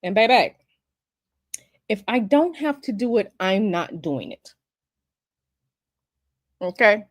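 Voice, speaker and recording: A woman's voice: mid-range voice, lively intonation, slow, no echo, clean studio sound. A woman hosting a casual livestream, chatty and sassy, calling her viewers y'all and baby. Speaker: livestream host.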